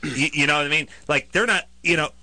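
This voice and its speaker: A man's voice: on the high side, fast talker, pushed and bright, no echo. A man hosting a call-in radio talk show, joking bluntly and laughing often with his co-hosts. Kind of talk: crude comic call-in banter.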